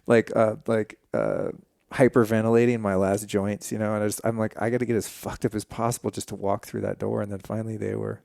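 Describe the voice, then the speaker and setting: A man's voice: lowish voice, a little fast, gravelly, dry recording, clean studio sound. A man in his forties, a podcast guest, candidly telling a personal story in a casual, profane way. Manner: candid, profane, animated retelling.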